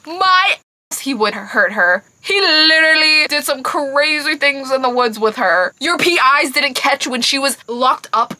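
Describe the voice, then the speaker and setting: Animated, incredulous young-sounding woman reviewer. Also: sits high, a little slow, no room sound. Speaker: book reviewer. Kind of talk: casual book review.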